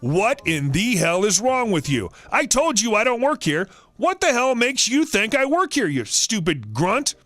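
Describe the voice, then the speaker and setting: A man voicing a woman in her thirties who finally shouts back at a stranger in anger, in a storytelling reading. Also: high-pitched, very animated, measured pace, few pauses, no echo, voice pushed up, exaggerated voice. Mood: furious. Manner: startled, then shouting angrily. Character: Canadian woman in her thirties, polite turned furious.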